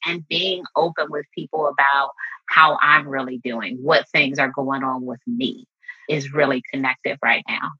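A woman's voice: low-pitched, steady tone, a little slow, sharp tone, husky, lo-fi sound. A middle-aged woman speaking as a podcast guest in an earnest, open, conversational way, with frequent "like" fillers. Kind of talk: reflective casual conversation.

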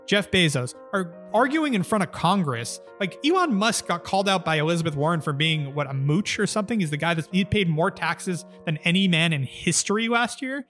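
A man's voice: high voice, fairly quick, hardly any pauses. Thirties guy, business founder, blunt swearing storyteller, faint music behind him. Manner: blunt, profane, animated storyteller. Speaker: agency founder and guest. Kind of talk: casual interview storytelling.

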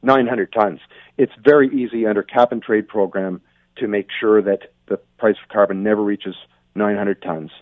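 A man's voice: fairly low pitch, steady tone, moderate pace, no echo. A man from Ontario giving blunt, opinionated commentary over the phone, often restarting his sentences. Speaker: guest commentator. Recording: tinny dry phone line.

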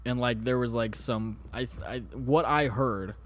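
A man chatting on a home comedy podcast, talking at an ordinary pitch for a man. He rambles loosely from story to joke, swearing along the way, with the easy looseness of a co-host among friends. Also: unhurried. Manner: rambling, jokey, swears casually. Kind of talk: casual comedy podcast chat. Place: home apartment. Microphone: podcast microphone.

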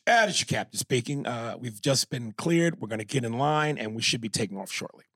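A man imitating an airline captain making calm, drawn-out intercom announcements full of "uh"s. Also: medium pitch, no echo, clean studio sound. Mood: weary calm. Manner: flat announcer patter with drawn-out "uh"s.

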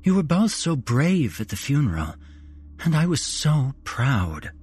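A man's voice: mid-range voice, very animated, unhurried, a little mellow, slightly rough, pitched above the performer's own voice. A man voicing a grieving dead mother who calls her son from beyond the grave, sad and urgent, in a horror story reading. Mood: sorrowful.

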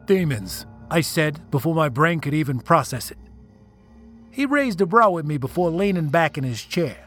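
A man narrates a tense first-person tale in a somewhat high voice, reading with dramatic feeling. Soft music plays faintly beneath him. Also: very animated, moderate pace.

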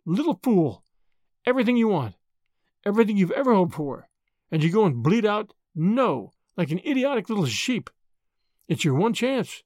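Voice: mid-range voice, very animated, normal speed, darkish tone, no echo, studio quality. A reader voicing a spirited, frank young woman in an audiobook, snappy and emotional. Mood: anguished. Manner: snappy, emotional, talks to herself. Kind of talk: audiobook character voice.

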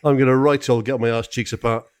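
A man doing a crude, loud old grandad. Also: medium pitch, fairly even intonation, quick pace, clear, resonant tone, close to an everyday voice. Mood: lewd. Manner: lewd, boastful, loud.

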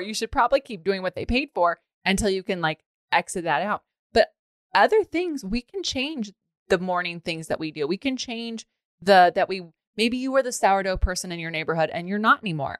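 A woman's voice: medium pitch, dry recording, clean studio sound. Chatty woman host, laughing and swearing. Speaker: podcast host. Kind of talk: casual chat.

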